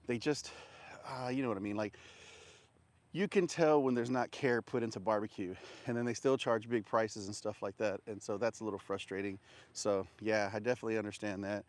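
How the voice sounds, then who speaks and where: Walking outdoors during a casual livestream, a barbecue vendor chats while panting and catching his breath between sentences. His voice is fairly low, with no room sound.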